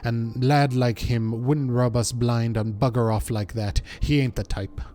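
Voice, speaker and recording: A man reading the part of a gruff, blunt mercenary officer in a game, speaking the written dialect plainly. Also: mid-range voice, steady tone, a little slow, warm tone, lightly acted. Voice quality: rough working-class dialect as written. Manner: plain read-aloud delivery.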